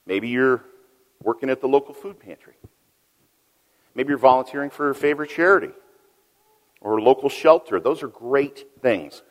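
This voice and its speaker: A middle-aged man preaching a sermon as a pastor, telling a story that swings between loud emphasis and hushed asides. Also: medium pitch. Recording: long reverb of a large hall.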